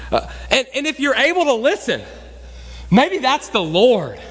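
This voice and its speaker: A man preaching a sermon as pastor, emphatic, swinging between raised and hushed delivery. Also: very high voice, long reverb tail. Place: church sanctuary.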